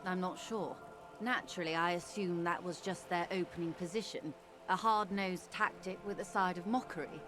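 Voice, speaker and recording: A woman's voice: on the low side, steady tone, fairly bright tone, soft background music, natural voice. A woman voicing a poised, formal negotiator. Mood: composed. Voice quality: polished, formal diction. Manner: composed and measured. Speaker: union negotiator in the game. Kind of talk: game voice acting.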